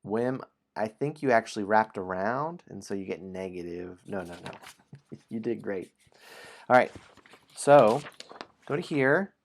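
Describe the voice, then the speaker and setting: A man's voice: lowish voice, lively intonation, measured pace, long pauses. A man hosting a casual game stream, playfully teasing players and reading the story aloud. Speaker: game host.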